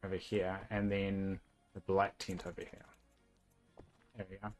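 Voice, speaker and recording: Kiwi man streaming, low relaxed voice. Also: a little slow, soft background music. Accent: New Zealand. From New Zealand. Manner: relaxed, rambling, thinking aloud with fillers. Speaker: livestreamer. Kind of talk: casual livestream commentary while playing a game.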